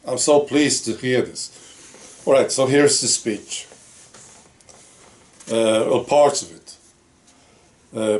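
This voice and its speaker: A man's voice: mid-range voice, slow pace, long pauses, a little mellow. A man hosting his own opinion vlog, talking in a blunt, sarcastic, plain-spoken way. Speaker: channel host.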